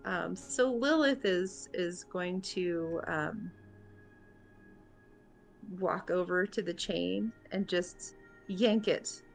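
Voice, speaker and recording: A woman takes her turn as a player in a tabletop game. She speaks slowly and hesitantly, thinking aloud before she commits. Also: lowish voice, vocal fry, faint music behind. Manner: thoughtful, hesitant, slow. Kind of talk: tabletop role-play.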